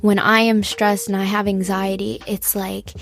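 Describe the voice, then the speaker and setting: A nineteen-year-old woman giving casual, earnest self-help advice, often saying "like" and sometimes dropping to a soft whisper. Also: medium pitch, flat delivery, moderate pace. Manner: earnest, heavy use of "like", drops into soft whispers.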